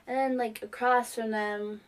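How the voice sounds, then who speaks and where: Young woman vlogger, high-pitched, gushing and rambly, casual storytelling. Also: unhurried. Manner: excitable, heavy use of "like". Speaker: fan vlogger.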